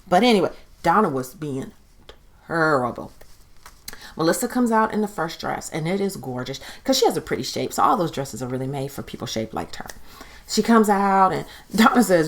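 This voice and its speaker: A woman with a fairly low voice recapping a reality show in a loose, conversational way. She is chatty and opinionated, and she slips into voices when she quotes people. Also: very animated, moderate pace. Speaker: TV recap host.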